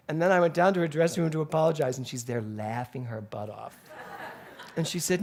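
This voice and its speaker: A male minister delivers a Sunday talk in a spiritual center, his voice sitting a little high for a man. He tells stories animatedly and laughs as he goes. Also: fast, darkish tone. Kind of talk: sermon.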